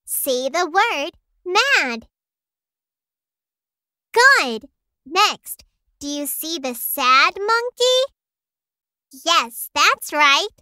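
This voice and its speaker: A woman narrates a children's listening track, cheerful and encouraging, with very slow, carefully spaced words. Her voice is high and lively, bright, and recorded dry and close. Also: no room sound.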